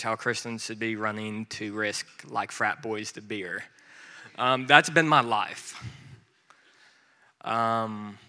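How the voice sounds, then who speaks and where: A man who is a minister, speaking earnestly and a little haltingly in a casual church conversation. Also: mid-range voice, bright, forceful tone, long reverb tail.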